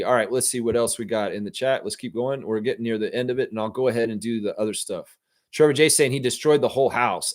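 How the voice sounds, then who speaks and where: A male stream host talks in a loose, unscripted way, often swearing and reading out viewer comments. His voice sits at an ordinary middle pitch. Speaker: host of a fan live stream. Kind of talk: casual live-stream chat.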